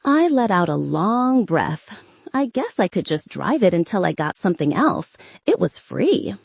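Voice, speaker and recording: Breathy, lively woman narrator. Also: mid-range voice, unhurried, no room sound. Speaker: audiobook narrator. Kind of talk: scripted first-person narration.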